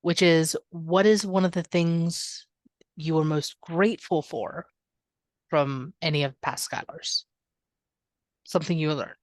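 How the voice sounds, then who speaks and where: A podcast co-host in a heartfelt chat, with a mid-pitched voice. The sound is close and dry. This co-host listens closely, agrees often and asks thoughtful questions. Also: steady tone, unhurried, pauses often, dry recording. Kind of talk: casual heartfelt conversation.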